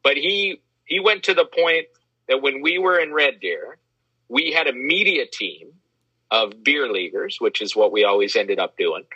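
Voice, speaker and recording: A man in casual chat, telling lively, self-deprecating stories with a husky voice. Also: medium pitch, measured pace, no echo, dull audio. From Western Canada. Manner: animated, self-deprecating storyteller.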